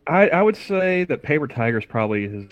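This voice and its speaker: A man's voice: a little high, big pitch swings, brisk, no echo, muffled recording. A man in a casual group chat, hesitant and often repeating his words.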